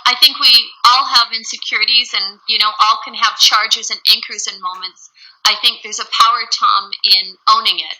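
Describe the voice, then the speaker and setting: A woman with a bright, tense-edged voice, a touch high in pitch, speaking earnestly. She co-hosts a casual live-stream chat, giving reflective relationship advice in long run-on thoughts. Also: fairly even intonation, normal speed, poor audio. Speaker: co-host answering relationship questions.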